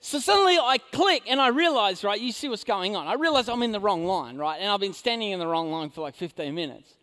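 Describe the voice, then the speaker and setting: A man preaching a sermon as a pastor, telling a personal story in a casual, animated way, swinging between loud emphasis and quiet asides. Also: high voice, brisk. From Orange County, California. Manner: conversational fillers like "like" and "you know".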